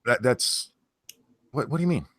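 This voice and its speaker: A man's voice: medium pitch, lively intonation, normal speed, fairly bright tone, no room sound, studio quality. An American man hosting a casual stream, joking and reading viewer questions aloud. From United States.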